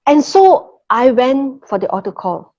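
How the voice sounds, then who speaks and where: Middle-aged woman, fairly high voice, sharing a faith testimony earnestly, muffled lo-fi sound. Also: big pitch swings, measured pace, darkish tone. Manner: earnest, checks in with listeners, many repeated "okay" and "you know". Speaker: testimony speaker. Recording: muffled lo-fi recording.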